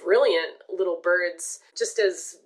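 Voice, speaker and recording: A woman telling a long personal story in casual podcast chat, animated and swearing casually. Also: fairly low pitch, takes it slowly, rough recording.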